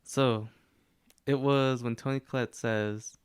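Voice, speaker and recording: A man chatting casually on a film podcast, easygoing and low-key. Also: brisk, clean tone, no echo. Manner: easygoing, calls people "man". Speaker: podcast co-host. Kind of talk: casual chat.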